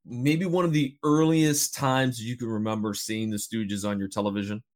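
A man's voice: on the low side, steady tone, normal speed. A man hosting an interview, prompting his guest with friendly questions. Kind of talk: casual interview.

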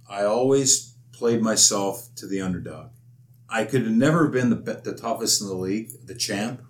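A former hockey enforcer telling lively stories in casual chat, laughing often. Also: male voice, on the low side, slight background noise. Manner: animated anecdotes, laughs often. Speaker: retired hockey enforcer guest. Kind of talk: casual storytelling.

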